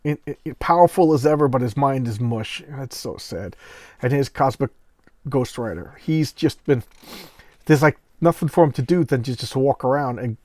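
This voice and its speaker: A man's voice: mid-range voice, normal speed, a little mellow, dry recording. Rambling man retelling comics. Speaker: comic book reviewer. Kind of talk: casual comic commentary.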